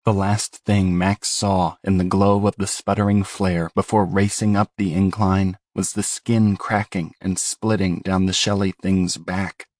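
A man narrating a horror novel as an audiobook, in a measured, grave and steady delivery. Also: low voice, no room sound, studio quality.

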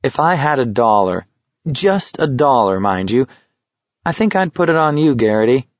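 A man's voice: mid-range voice, sing-song, moderate pace, no room sound, lightly acted. A man voicing a curious, wry young man on a long walk, asking probing, teasing questions. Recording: dull, slightly muffled.

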